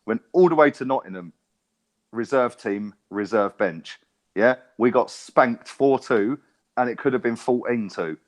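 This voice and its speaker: A man talks football with heated, sweary emphasis. His pitch sits mid-range for a man, and he punctuates every point with a questioning "right?". He sounds like a fan riled up in a casual podcast. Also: measured pace. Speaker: podcast co-host.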